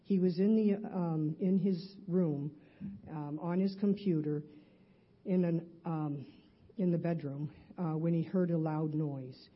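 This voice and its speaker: A middle-aged woman in a church, earnestly reading her personal testimony aloud, halting at times with restarts. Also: deep voice, fairly even intonation, husky, lo-fi sound. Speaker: church member giving a testimony.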